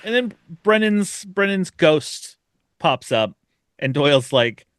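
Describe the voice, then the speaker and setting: A man hosting a podcast, casually and excitedly retelling a horror short film and acting out its characters' lines as he goes. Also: fairly high pitch, slow, dry recording. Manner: animated retelling, acts out the characters' lines with laughter. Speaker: podcast host.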